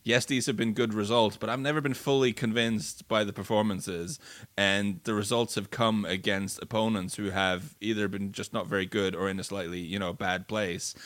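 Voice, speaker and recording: A man talks through football results in a relaxed podcast chat, his voice bright and forceful though pitched a little low. He restarts sentences and repeats words as he thinks aloud. The sound is dry and close. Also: no room sound. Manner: fluent but full of restarts and repeated words. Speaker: football pundit. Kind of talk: casual sports podcast analysis.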